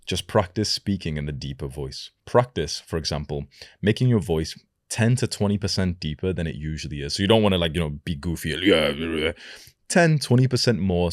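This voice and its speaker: A young man coaching viewers, talking slowly and deliberately and lowering the end of each sentence. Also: dry recording, studio quality. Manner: slow, deliberate delivery with lowered sentence endings. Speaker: self-improvement coach. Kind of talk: advice talk to camera.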